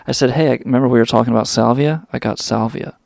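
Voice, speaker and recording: A man's voice: medium pitch, vocal fry, a little mellow, dry recording, studio quality. A young man hosting a radio show, telling a wild story in a rambling, profane way with lots of fillers. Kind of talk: storytelling drug anecdote.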